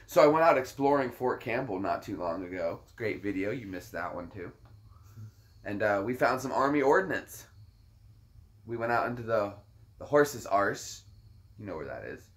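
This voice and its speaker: A man's voice: lowish voice, expressive, normal speed. A man hosting a casual chat, telling rambling, jokey stories. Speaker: host.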